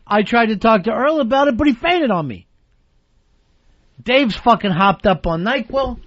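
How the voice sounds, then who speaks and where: A man's voice: extremely high pitch, lively intonation, moderate pace, fairly bright tone, dry recording, muffled recording. Profane, exasperated male radio host. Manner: profane, mock-exasperated rants. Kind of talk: radio talk show banter.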